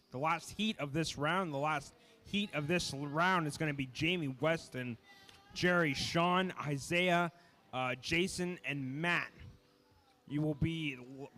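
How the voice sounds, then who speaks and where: A man directing races at an indoor RC car track, briskly calling out driver names, heats and cone positions. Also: fairly high pitch, bright, forceful tone. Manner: brisk, practical, calls names in quick lists. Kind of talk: announcing driver lineups over a track PA.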